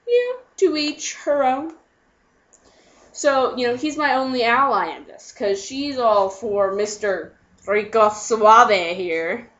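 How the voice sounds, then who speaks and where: A woman's voice: a little high, fairly bright tone. Giggly young woman telling a story. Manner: chatty, giggly, acts out friends' lines. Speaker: vlogger. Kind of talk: casual storytelling. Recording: dull lo-fi home recording.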